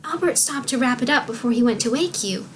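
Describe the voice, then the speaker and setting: A woman puts on a gentle mother turned into a black pig, speaking softly and fondly in a raised, sweet voice. Storybook read-aloud, calm and affectionate. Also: a little high, a little fast, a little hiss or hum, pitched above the performer's own voice, natural voice. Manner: soft, affectionate, sighing.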